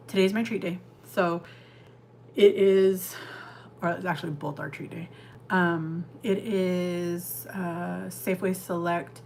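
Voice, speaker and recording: A woman's voice: lowish voice, vocal fry, a bit bright, slight background noise. A woman from California hosting a live stream, chatting casually and rambling as she answers viewers' comments from her kitchen. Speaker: livestream host. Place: home kitchen.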